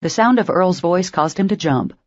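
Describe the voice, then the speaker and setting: Low-voiced woman narrating an audiobook. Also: expressive, normal speed, dry recording, highs cut off.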